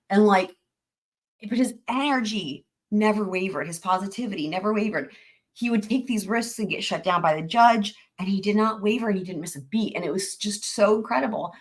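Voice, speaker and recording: Chatty young woman. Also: medium pitch. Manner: chatty, gushing, full of fillers and restarts. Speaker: trial recap host. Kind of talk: casual storytelling to viewers.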